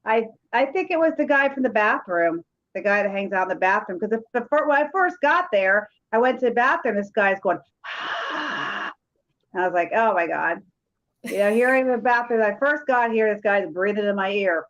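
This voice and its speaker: A woman chatting loosely about a ghost hunt, her story wandering from point to point. Her voice sits at an ordinary middle pitch. The recording is dull and lo-fi. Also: expressive, fairly quick, fairly bright tone. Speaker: paranormal investigator. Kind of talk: casual chat. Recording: dull lo-fi sound.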